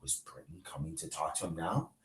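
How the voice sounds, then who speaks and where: A man's voice: a bass voice, a little fast. A male teacher reading a novel aloud to his class, with short asides to the students. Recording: echoey room.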